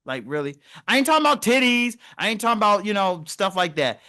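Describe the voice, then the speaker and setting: A man's voice: sits high, fast talker. A young man co-hosting a podcast, telling stories in casual conversation and acting out the voices he quotes. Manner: animated storytelling, acts out quoted voices. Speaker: podcast co-host.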